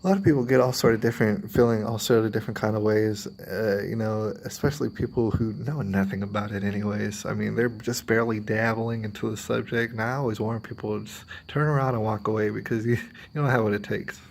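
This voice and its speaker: Man, low gravelly voice, rambling personal vlog, confiding tone. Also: fairly even intonation, a little fast, slight background noise. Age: adult, has a daughter. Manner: rambling, confiding, quotes others in put-on voices. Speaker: vlogger. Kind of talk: personal talk to camera.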